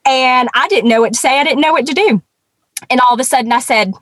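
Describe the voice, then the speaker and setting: A woman guest telling a personal story in an earnest, conversational way, with many pauses and restarts. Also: high-pitched, fairly bright tone, no room sound.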